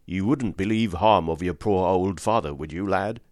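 An old father, nervous and pleading, read by a man. His voice sits low and quiet. The recording is dry and close. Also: normal speed, no room sound, natural voice.

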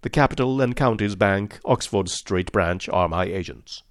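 A man voicing a cold, inexorable male detective who speaks calmly, precisely and insistently. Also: lowish voice, moderate pace, no echo, studio quality, lightly acted. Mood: cool.

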